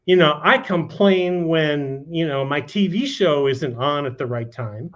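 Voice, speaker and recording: A man, a talk show guest, telling a personal story in a relaxed, conversational way with frequent "you know" asides. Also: fairly high pitch, normal speed, hardly any pauses. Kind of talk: casual storytelling. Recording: dull lo-fi sound.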